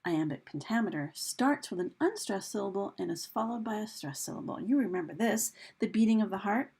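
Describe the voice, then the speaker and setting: A woman's voice: mid-range voice, lively intonation, a little fast, vocal fry, a little mellow, slight background noise. A woman teacher talking through a recorded lesson over slides, chatty, with fillers and questions put to her students. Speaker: English teacher.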